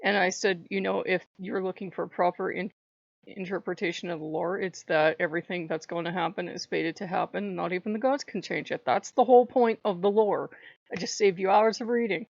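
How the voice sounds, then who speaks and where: A woman hosting her own channel, ranting in a heated, profane way with sudden loud outbursts, recorded with dull lo-fi sound. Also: lowish voice, brisk, vocal fry, no room sound. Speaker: channel host. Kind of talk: ranting vlog monologue.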